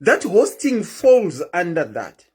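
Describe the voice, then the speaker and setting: A woman's voice: lowish voice, big pitch swings, slow, a little mellow, husky. A woman hosting a live stream, chatting casually and keeps asking her viewers questions.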